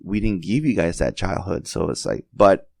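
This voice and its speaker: Low-voiced halting man, dry close sound. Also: big pitch swings, vocal fry, a little mellow, dry recording. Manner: halting, many restarts and repeated words. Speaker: podcast host. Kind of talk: casual conversation.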